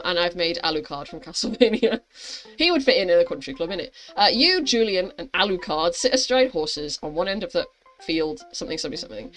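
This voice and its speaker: A woman's voice: lowish voice, a bit bright. A woman hosting a gaming channel, reading a story game aloud with chatty, giggly asides.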